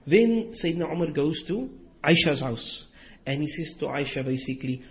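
Husky man telling stories in a lecture. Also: on the high side, a little fast, rough recording. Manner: animated retelling with quoted dialogue. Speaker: Islamic lecturer. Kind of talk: storytelling lecture in a series.

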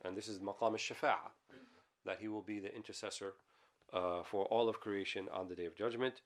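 A man teaching a classical religious text, reading Arabic passages quickly and then explaining them in English. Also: on the low side. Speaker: Islamic teacher.

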